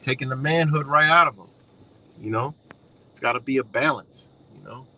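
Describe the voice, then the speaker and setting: A man's voice: mid-range voice, normal speed, bright, forceful tone, slight background noise, rough recording. A man with a Western New York accent ranting casually to camera, blunt and profane, rambling with lots of fillers.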